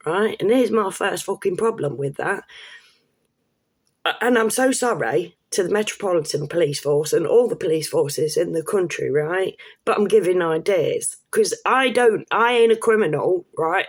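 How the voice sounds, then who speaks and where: A woman rants to her camera in a loose, rambling way. She swears freely and breaks off with laughing asides as she talks to her subscribers. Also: medium pitch. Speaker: vlogger. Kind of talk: casual rant to camera.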